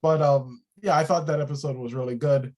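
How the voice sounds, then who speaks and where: A man co-hosting a casual TV review chat, relaxed and thinking aloud with many pauses and fillers. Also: medium pitch, highs cut off. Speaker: co-host of a TV review show.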